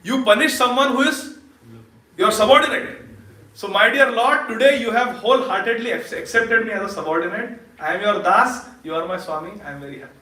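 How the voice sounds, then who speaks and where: A man's voice: high-pitched, a little fast. A man doing a meek, contrite devotee. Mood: grateful. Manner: soft, meek and apologetic. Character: contrite male devotee begging forgiveness. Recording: roomy hall, distant mic.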